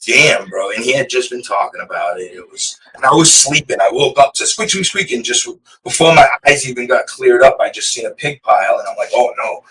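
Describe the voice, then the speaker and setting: A man's voice: medium pitch, lively intonation, brisk, hardly any pauses, distant mic, background noise. A man from Massachusetts, a podcast guest, telling a prison story in a rambling, profane, casual way. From Massachusetts, USA. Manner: rambling, profane, keeps saying "you know what I mean".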